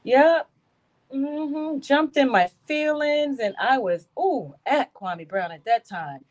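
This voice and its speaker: Woman w/ aave chatting on her live stream, high voice, laughs a lot, cusses casually. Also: slow pace. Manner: animated, laughing, cursing, greeting chat by name.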